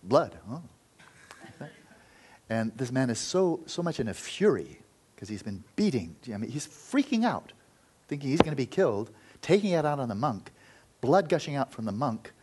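A man giving a Buddhist dharma talk, telling a story in an earnest, loose way that often falls quiet. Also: medium pitch, very animated, normal speed, breathy edge. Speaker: Buddhist teacher.

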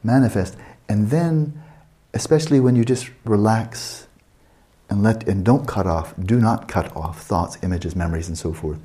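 A man guiding a meditation session as a teacher, unhurried and questioning, often checking in with his listeners. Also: on the low side, mellow.

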